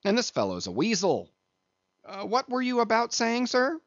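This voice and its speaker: A man reading an audiobook, voicing a brash, blustering sailor mate who mocks loudly and leaps up in pitch. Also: wildly swooping pitch, dry recording, dull audio, heavily acted. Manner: loud, mocking, fast-rising outbursts.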